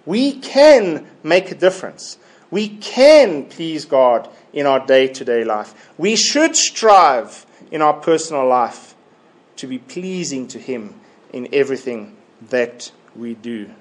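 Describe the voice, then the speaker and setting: A man preaching a Bible sermon in a deliberate, emphatic way, often repeating his key phrases. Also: medium pitch.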